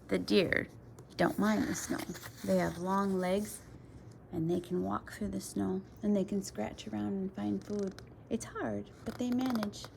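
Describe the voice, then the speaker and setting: Slow, gravelly woman reading to kids. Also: mid-range voice, fairly even intonation, darkish tone, a little hiss or hum. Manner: friendly asides to listeners, calls them friends. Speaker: children's story reader. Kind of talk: reading a picture book aloud to children.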